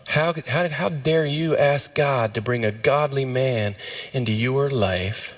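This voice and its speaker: A man's voice: medium pitch, slow pace. A man voicing the devil as an accusing tempter who mocks the listener's past. He puts it on briefly in the middle of a sermon. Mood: sneering accusation. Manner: mocking, accusing.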